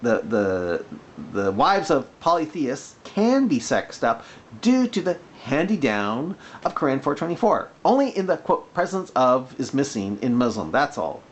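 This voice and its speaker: A man's voice: medium pitch, wildly swooping pitch, measured pace, dull audio. A man talking in a sarcastic, rambling way in a casual commentary vlog. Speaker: video blogger.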